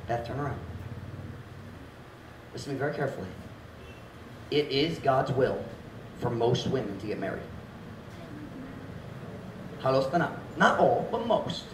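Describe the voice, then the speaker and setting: A male pastor preaching a sermon, mixing in Visayan phrases, swinging between loud, forceful shouts and hushed, earnest passages. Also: medium pitch, lively intonation, unhurried, pauses often, background noise. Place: church hall. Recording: echoey hall, mic at a distance.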